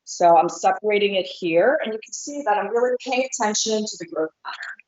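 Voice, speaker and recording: A woman's voice: medium pitch, brisk. Woman colorist teaching a live hair-painting demo. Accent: American, sometimes Northeastern. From born in Korea, raised in New Jersey. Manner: steady, explanatory, walks through each step. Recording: dull lo-fi livestream audio.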